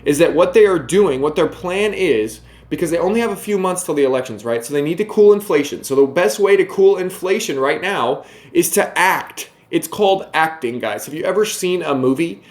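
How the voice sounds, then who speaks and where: A man's voice: on the high side, expressive, brisk, few pauses. A man giving casual market commentary to camera, brash and emphatic, often mocking his viewers.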